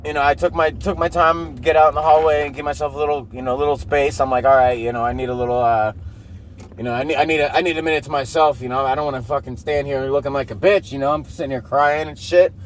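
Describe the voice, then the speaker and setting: A podcast host in his thirties rambles through a profane personal story in a casual monologue, often breaking into laughter. His voice is a little high with fairly even intonation, and he talks fast. Slight background noise is audible.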